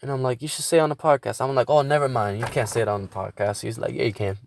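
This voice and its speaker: A man's voice: medium pitch, fairly even intonation, quick pace, creaky, dry recording. A man hosting his own podcast, venting in a casual monologue with a lot of swearing and stumbling restarts. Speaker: podcast host.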